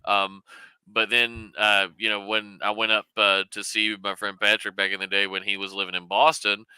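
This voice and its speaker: A man's voice: fairly low pitch, little pitch movement, normal speed, pushed and bright, clear, resonant tone, no echo, poor audio. A young man with a Southern drawl, chatting casually, stammering over starts and swearing as he tells stories. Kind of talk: casual chat.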